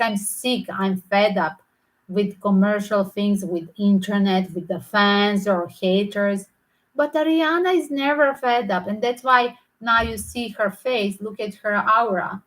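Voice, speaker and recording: A woman's voice: medium pitch, low-quality recording. A woman tarot reader talking through a rambling, opinionated vlog commentary, emphatic and full of restarts.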